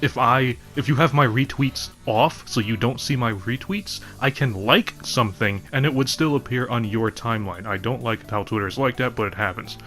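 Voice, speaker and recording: A man's voice: mid-range voice, moderate pace, hardly any pauses, fairly bright tone, faint music behind. A man ranting casually to his viewers, rambling, laughing often and swearing freely. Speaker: vlogger. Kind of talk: casual rant to camera.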